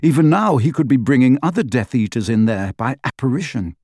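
An audiobook narrator, a man with a mid-range voice, reads scripted narration in a measured, even storytelling style. The recording is clean studio sound with no room sound.

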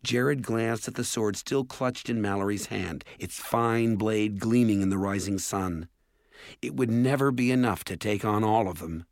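An audiobook narrator with a lowish voice reads a storybook in a measured, steady manner. The scripted narration is a dry, studio-quality recording.

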